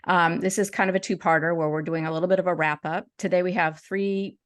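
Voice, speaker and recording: A woman co-hosting a podcast chats casually and reads a story aloud, making small stumbles and restarts. Her voice is fairly low and steady, and she talks fast with no room sound.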